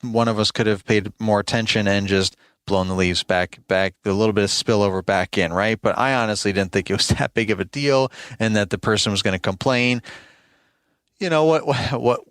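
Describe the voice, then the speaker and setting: A man's voice: fairly low pitch, fairly even intonation, brisk, hardly any pauses, a bit bright, smooth, no room sound. A man hosting a podcast as a lawn care business owner, telling a rambling, conversational story and sounding exasperated about complaints. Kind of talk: casual storytelling monologue.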